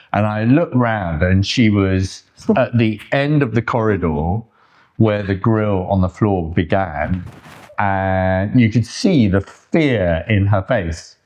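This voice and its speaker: A man's voice: sits low, darkish tone, highs cut off. An older man, co-host of a home channel, chatting in a rambling, self-deprecating way. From England. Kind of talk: casual chat.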